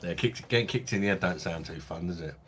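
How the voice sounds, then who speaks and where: Chatty low-voiced man hosting a live stream. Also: quick pace, a bit bright, slightly rough. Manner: chatty and jokey, laughs often, loose rambling delivery. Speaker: live-stream host reading viewer chat. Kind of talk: casual live-stream chat. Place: at home.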